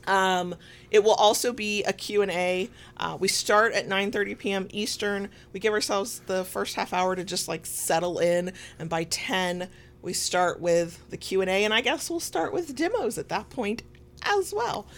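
A woman's voice: medium pitch, moderate pace. Southern lady podcast host, chatty and giggly, just chatting at home. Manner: chatty, laughs often, rambling asides. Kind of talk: casual chat. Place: home recording room.

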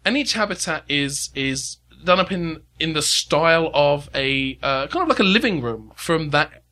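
A man acting as game master, narrating scenes in a tabletop role-play with many pauses and restarts. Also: fairly high pitch, big pitch swings, pushed and bright. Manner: halting, full of fillers and restarts while describing scenes.

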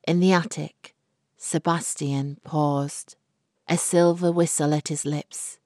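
A woman narrating a short story in a measured, unhurried way. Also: low voice, mellow, no echo. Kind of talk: scripted narration. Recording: dry close recording.

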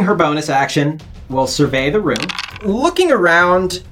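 A game master narrating a tabletop game with animated delivery and frequent laughter. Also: medium pitch, unhurried, faint music behind.

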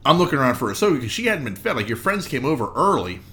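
Lively-voiced man telling a home story. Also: mid-range voice, very fast, slight background noise. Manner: rambling anecdotes, acts out others' lines. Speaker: podcast co-host. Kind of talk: casual chat, storytelling.

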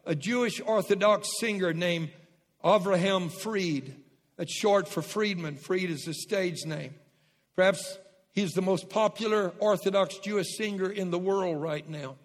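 A man preaching a sermon as pastor, fervent and calling on the congregation. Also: high voice. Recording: long hall reverb.

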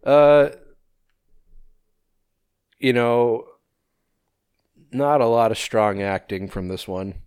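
A man's voice: medium pitch, extremely slow, long pauses, a little mellow, clear, resonant tone, no room sound, studio quality. A man co-hosting a podcast in casual chat, laid-back and full of fillers, swearing now and then. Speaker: podcast co-host.

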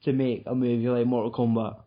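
A man's voice: mid-range voice, flat delivery, fast talker. Male podcast host, casual and profane, rambling delivery, dull lo-fi recording. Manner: swears a lot, rambling with fillers. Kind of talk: casual chat.

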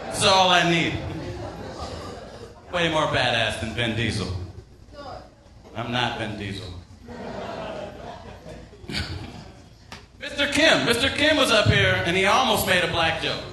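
This stand-up comic's voice runs on the high side with big pitch swings, a slow pace and long pauses as he rambles profanely and teases the crowd. It's an open-mic set at a club with a live audience, recorded in an echoey room slightly far from the mic, with a little hiss or hum.

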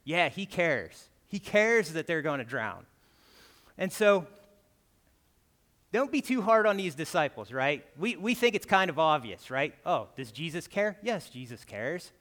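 A man with an American accent preaches in a casual, conversational way, often tossing in "right?" to the congregation. His voice sits a little high for a man. The sound carries a long hall reverb from the church sanctuary. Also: sing-song, unhurried, a bit bright. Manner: conversational, keeps asking "right?". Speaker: guest preacher. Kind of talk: sermon.

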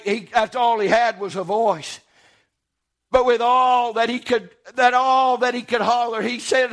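A male preacher with a very high-pitched voice. He preaches with fervour, swinging between hushed passages and loud, shouting bursts. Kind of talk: sermon.

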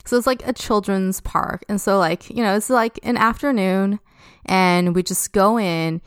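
Young woman, podcast guest, rambling casual storyteller; smooth tone, dry sound. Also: mid-range voice, unhurried, no room sound. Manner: chatty, heavy use of "like".

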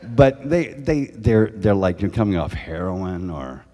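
A man telling animated stories as a guest, often laughing as he talks. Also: lowish voice, measured pace, in a large hall. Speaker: guest actor. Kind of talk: casual storytelling.

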